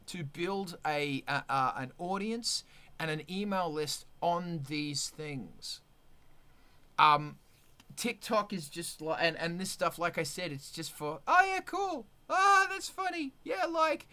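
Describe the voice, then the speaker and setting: A man hosting a casual livestream chat, talking in an animated, rambling way with restarts and swearing. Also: on the high side. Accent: Australian. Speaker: livestream host, musician.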